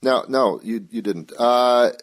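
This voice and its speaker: A man's voice: medium pitch, takes it slowly. A man from New York with an educated New York accent, hosting a talk show. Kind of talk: casual chat.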